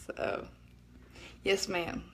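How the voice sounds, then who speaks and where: A woman's voice: extremely slow, fairly bright tone. A middle-aged woman with a northeast Alabama Southern accent, chatting casually on a live stream from home, rambling and cutting herself off, laughing often. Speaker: livestream host. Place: at home at night.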